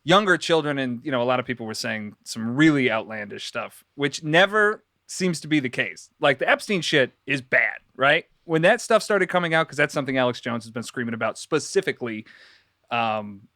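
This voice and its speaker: A man's voice: medium pitch, animated, fairly quick, pushed and bright, dry recording, clean studio sound. A man co-hosting a casual podcast chat, musing at length about conspiracy stories with loose, rambling phrasing. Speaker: podcast co-host.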